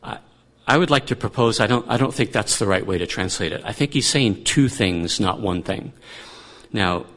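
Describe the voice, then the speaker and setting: A man's voice: on the low side, normal speed, fairly bright tone. A man teaching through a Bible passage in a conversational way, thinking aloud and restarting his sentences.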